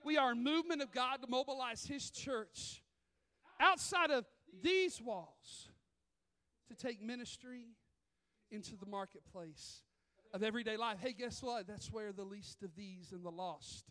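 A man's voice: extremely high pitch, measured pace, clear, resonant tone. A man preaching a sermon in a church, telling stories and acting out other people's voices. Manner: animated, acts out voices in stories. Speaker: pastor. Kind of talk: sermon with storytelling. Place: church sanctuary.

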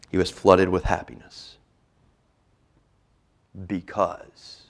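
A male pastor preaching a sermon, swinging from loud emphasis to hushed, whispered lines. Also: sits low, fairly even intonation, normal speed, pauses often.

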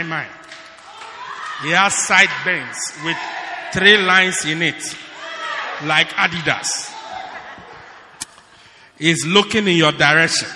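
A man voicing a loud, showy male prophet who shouts out visions and repeats his words. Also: high-pitched, in a large hall, noisy background.

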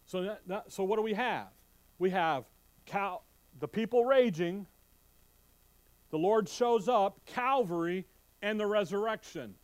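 Guy with a high voice preaching through bible verses, keeps asking the crowd questions. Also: unhurried, long pauses, clean tone. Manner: animated, quizzing the congregation with questions; reads scripture aloud in King James wording. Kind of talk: expository Bible sermon.

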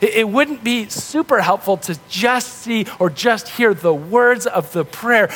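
A man preaching a sermon in a relaxed, conversational way, acting out the voices of the people in the story. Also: high-pitched. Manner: conversational, animated, acts out grumbling voices. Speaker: pastor. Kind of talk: casual sermon.

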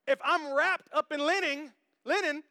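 A man preaching a sermon to his congregation, animated and jokey, who talks straight to the crowd. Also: very high-pitched, normal speed, no room sound, studio quality. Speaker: pastor. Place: church service.

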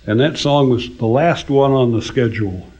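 Older male songwriter, dry raconteur, mid-pitched, slightly muffled recording. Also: normal speed, darkish tone. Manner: dry storyteller, laughs at his own punchlines. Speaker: songwriter telling stories. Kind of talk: casual anecdote telling. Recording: dull lo-fi recording.

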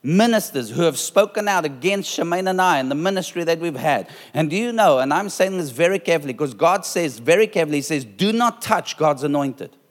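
A man's voice: on the high side, animated, fast, hardly any pauses. A middle-aged man preaching to a live congregation, driving his points home with repeated phrases and rising force. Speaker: pastor. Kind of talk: sermon. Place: church hall with a live congregation. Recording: long hall reverb.

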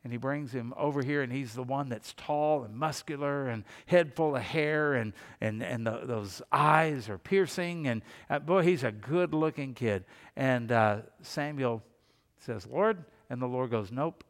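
A man's voice: mid-range voice, unhurried, big-room sound. A male pastor giving a sermon, telling Bible stories and briefly acting out the people in them. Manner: storytelling preacher who acts out quoted characters.

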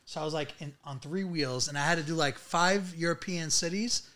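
A man co-hosts a relaxed podcast conversation. His voice sits a touch on the high side, and he tells stories in an easy, chatty way. Little laughs break into his telling. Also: normal speed. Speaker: podcast co-host. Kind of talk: casual podcast chat.

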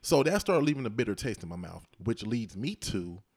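A husband tells his story in casual conversation, very animated and acting out the voices of the people involved. He speaks briskly at a medium pitch, with a darkish, slightly rough tone.

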